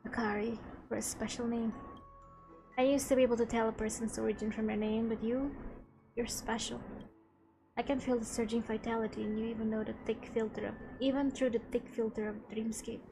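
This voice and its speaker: A calm, wise old man from a video game, gentle and wistful, read aloud by a woman. The lines come slowly and softly in a fairly high voice. Game music plays clearly underneath.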